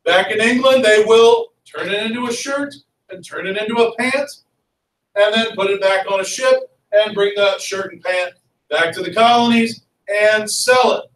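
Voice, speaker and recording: A man lecturing a history class with a fairly high voice, constantly checking in with his students. He is recorded from a distance, so the classroom's echo carries his voice. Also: moderate pace. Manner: lively, constantly checks in with "okay?" and "right?". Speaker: history teacher. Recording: roomy classroom, mic far off.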